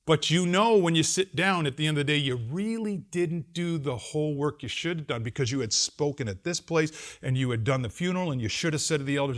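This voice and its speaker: Animated pastor addressing students. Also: male voice, on the high side, a little fast. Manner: animated, swinging between loud emphasis and quiet asides; wry humor and acted-out quotes. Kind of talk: conference address to seminary students. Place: seminary campus lecture.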